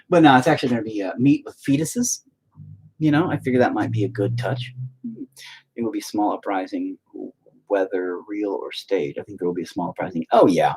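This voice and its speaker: A man's voice: lowish voice, moderate pace, long pauses, breathy edge. A young man chatting casually on a livestream, rambling and swearing freely while he works on a painting at home. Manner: rambling, profane, animated. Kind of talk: casual stream chat. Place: home, indoors.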